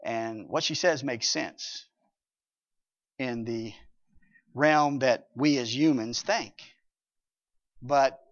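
A man preaching a sermon with emphasis, swinging between loud passages and hushed ones and reading scripture aloud. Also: medium pitch, drawn-out words, long pauses. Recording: dull lo-fi recording.

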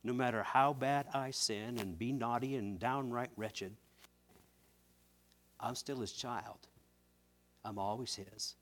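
Guy preaching a sermon, goes quiet then loud and fired up, repeats words when he pushes a point. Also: medium pitch, steady tone, slow, pauses often, a little hiss or hum. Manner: swings between hushed and loud emphatic preaching.

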